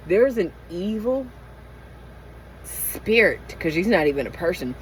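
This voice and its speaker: A woman's voice: on the low side, sing-song, measured pace, pauses often, a little hiss or hum, poor audio. A middle-aged woman in a candid late-night vlog rant from inside her van, venting emotionally and profanely with many restarts. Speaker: van-life vlogger.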